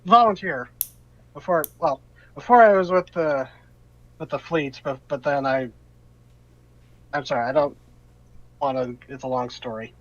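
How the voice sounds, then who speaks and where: A man voicing a brisk female soldier with a prosthetic arm, in a matter-of-fact, wry manner. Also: fairly high pitch, no room sound, lo-fi sound, lightly acted. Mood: apologetic.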